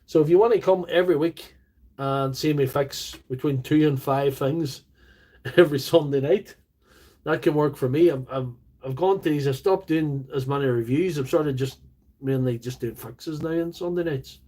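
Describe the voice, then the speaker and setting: A Northern Irish man runs a casual live stream from a makeshift home workshop studio, filmed on a phone set on a small tripod. He's a tool repairer who chats in a rambling, self-deprecating way. His voice sits on the high side, warm and husky, at a moderate pace.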